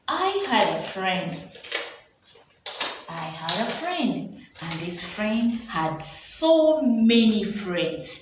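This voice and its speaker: Slow, lively Ugandan woman teaching phonics. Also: medium pitch, distant mic, background noise. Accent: Ugandan English. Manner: slow, drawn-out sounds, storytelling to children. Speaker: preschool teacher. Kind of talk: children's phonics lesson. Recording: echoey room, voice off-mic.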